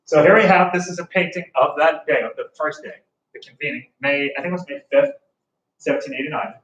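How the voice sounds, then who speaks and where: A man's voice: on the high side, a little fast, fairly bright tone, far from the mic, lo-fi sound. A man teaching a history class in a conversational way, now and then acting out the voices of ordinary people. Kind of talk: classroom lecture. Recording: echoey room, speaker off-mic, faint room noise.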